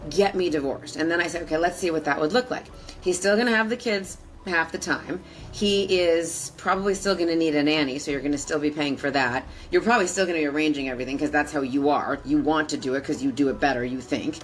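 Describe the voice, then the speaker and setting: A woman's voice: deep voice, fast, a little hiss or hum, low-quality recording. A divorce lawyer recounting her clients' cases in a dry, matter-of-fact way. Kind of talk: interview anecdote.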